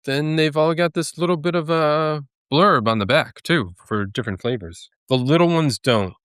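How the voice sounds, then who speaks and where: A man co-hosting a podcast in casual chat, rambling and hesitant with many pauses. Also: fairly high pitch, a bit bright, clean tone, dry recording, studio quality. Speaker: podcast co-host.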